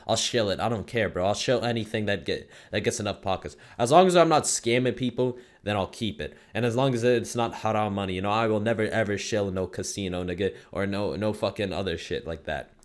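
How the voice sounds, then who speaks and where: A young man ranting casually in a rambling, profane, slangy way, often ending lines with "bro" or "man.". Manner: swings between loud outbursts and low mutters. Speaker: commentary streamer. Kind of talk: casual commentary rant.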